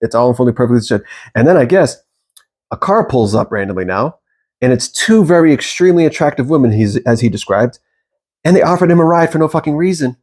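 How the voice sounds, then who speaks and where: Male coach, casual storytelling monologue, lively and profane, voices the quotes himself. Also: mid-range voice, fast. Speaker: manifestation coach.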